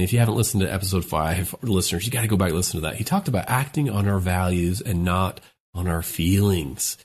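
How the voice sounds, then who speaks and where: A man's voice: fairly low pitch, darkish tone, breathy edge. A man co-hosting a podcast, giving earnest relationship advice in a casual discussion and acting out quoted lines. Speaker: podcast co-host, relationship expert.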